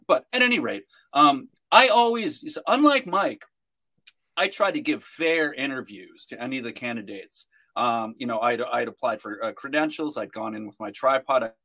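A man's voice: mid-range voice, bright, forceful tone. A man telling a long story on a podcast, rambling with many restarts and fillers. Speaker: guest, protester.

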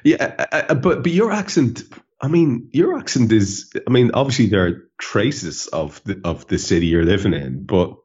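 A man's voice: on the low side, very animated, normal speed, a little mellow, slightly rough, highs cut off. A man hosting a casual podcast chat, swearing freely and laughing often as he talks. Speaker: podcast host.

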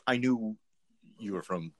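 A man's voice: on the low side, a little slow, a bit bright, dry recording. A man with an American accent, hosting a casual podcast and dryly picking apart a guest's accent. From United States. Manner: wry, analytical about accents. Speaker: podcast host. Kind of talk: casual chat.

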